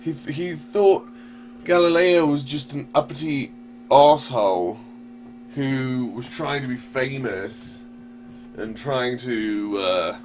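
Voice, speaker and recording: A man's voice: medium pitch, slow pace, a little mellow, a little hiss or hum. A man hosting a casual online radio show, rambling loosely and swearing now and then. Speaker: podcast host. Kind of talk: casual talk radio chat.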